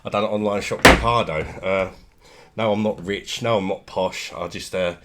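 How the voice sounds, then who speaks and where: Low-voiced guy doing a chatty beer review vlog, lots of "isn't it". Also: moderate pace, fairly bright tone. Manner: chatty, with rhetorical tag questions.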